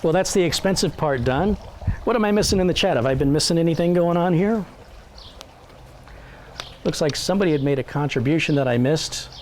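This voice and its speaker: Reading viewer messages out loud on his livestream, a man keeps things casual and chatty and jokes at his own expense. He talks briskly with long pauses, in a fairly high, slightly mellow voice, and there's a little hiss or hum on the recording.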